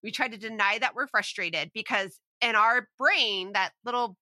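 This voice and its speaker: Bright, fairly high woman co-host. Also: moderate pace, dry recording. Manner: emphatic, laughs easily, goes off on tangents. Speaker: podcast co-host. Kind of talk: casual parenting podcast chat.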